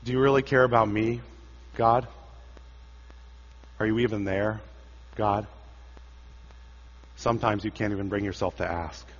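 A man preaching a dramatic sermon, his voice swelling for quoted cries and sinking low for the solemn moments. The sound is a bit dull and muffled, with a long reverb trailing off every phrase. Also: steady tone, unhurried, long pauses. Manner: dramatic, rises for quoted cries and drops low for quiet lines.

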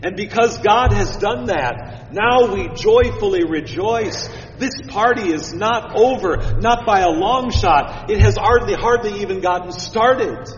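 A man's voice: sits high, a little slow. Man preaching in an echoey church. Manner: expressive, swings from hushed to emphatic. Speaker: pastor. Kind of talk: sermon. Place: church sanctuary. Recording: echoey church hall from far off, dull sound, faint hiss.

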